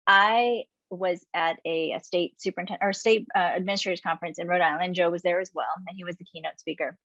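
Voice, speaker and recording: A woman hosts a webinar over a video call, chatting and laughing easily as she introduces her guest. Her voice sits low for a woman. The sound is dull and lo-fi, in a dry, close room. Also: fairly even intonation, quick pace, a bit bright, dry recording. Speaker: webinar host.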